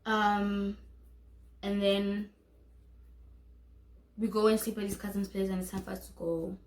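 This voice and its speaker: Unhurried and level in tone, a medium-pitched young South African woman with a South African accent tells her own story on a vlog and plays out what others said. Her room is echoey.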